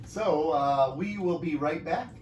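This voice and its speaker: A man's voice: a little high, takes it slowly, a little mellow, dull audio. A man co-hosting a podcast in casual chat, rambling, repeating himself and laughing often. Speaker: podcast co-host. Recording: echoey room, mic at a distance, faint noise.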